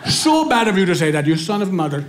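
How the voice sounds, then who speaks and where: A man voicing an upset middle-aged man with an Indian accent, scolding loudly in a stand-up bit. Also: high voice, big pitch swings, quick pace, reverberant, noisy background, voice pushed up. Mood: indignant. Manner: indignant, scolding, loud.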